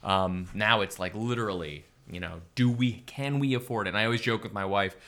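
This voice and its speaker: A man's voice: on the low side, brisk. A man in his thirties hosting a podcast, chatting casually and telling stories with playful impressions. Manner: animated storyteller, slips into impressions. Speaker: podcast host. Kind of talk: casual chat.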